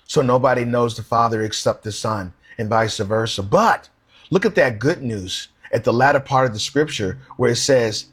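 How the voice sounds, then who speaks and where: A man's voice: medium pitch, normal speed, husky. A man preaching a sermon. He reads Bible verses aloud and asks his listeners questions. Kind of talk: sermon with scripture reading.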